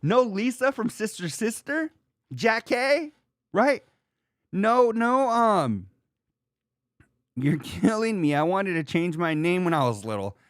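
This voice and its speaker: A man hosting a podcast in casual chat, rambling and joking in an animated way. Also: sits high, slow pace, pauses often, no echo, studio quality. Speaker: podcast host.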